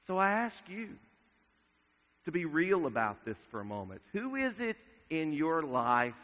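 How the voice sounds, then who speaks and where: Unhurried preacher in a reverberant hall. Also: male voice, fairly high pitch, big pitch swings. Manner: measured, dropping to a hush at solemn moments. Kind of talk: sermon. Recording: dull sound with long reverb in a large hall.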